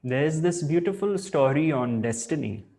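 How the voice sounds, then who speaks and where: A man giving a spiritual talk, reflective and deliberate, weaving in a parable. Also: fairly high pitch, lively intonation, dark tone. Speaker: spiritual teacher.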